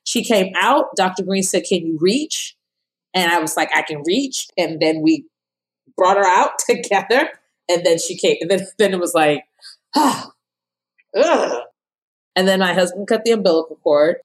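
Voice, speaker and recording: Lively woman telling her story, lower voice. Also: normal speed. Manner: animated storyteller who acts out quotes in a high voice and laughs. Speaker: podcast guest.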